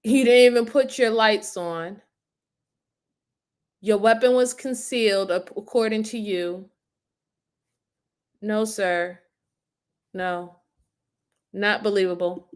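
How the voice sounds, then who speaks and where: Female host, casual live reactions, drawn-out speech, blunt and incredulous. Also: medium pitch.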